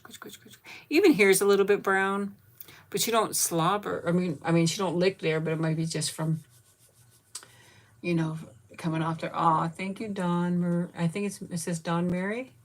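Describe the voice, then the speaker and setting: Channel host, woman in her 50s, low gravelly voice, casual chat and baby talk. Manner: coos baby talk at her pet, thanks viewers by name.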